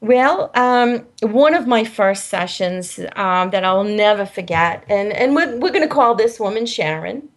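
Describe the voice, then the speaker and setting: Woman guest in an interview, mid-pitch voice, lively storyteller who does little voices. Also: measured pace, hardly any pauses. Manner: animated storyteller, acts out quoted voices. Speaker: guest, hypnosis healing practitioner.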